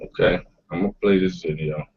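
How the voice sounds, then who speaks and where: A man's voice: deep voice, steady tone, a little fast, gravelly, husky. A man hosting a casual roundtable talk, speaking bluntly and emphatically and swearing freely. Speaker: podcast host. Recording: dull lo-fi audio.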